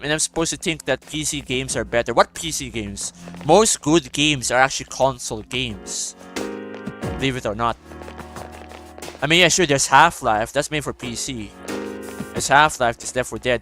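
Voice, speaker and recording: A man's voice: medium pitch, normal speed, a bit bright, faint music behind. Man losing his voice, profane ranting. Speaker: streamer host. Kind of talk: casual gaming stream chat.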